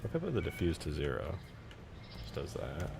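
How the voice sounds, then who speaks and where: A man's voice: extremely low pitch, brisk, vocal fry, noisy background. A man chatting casually on a livestream while he works on a game mod, talking to viewers in an easygoing way. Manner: chatty, animated, talks to viewers and his cat. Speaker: streamer.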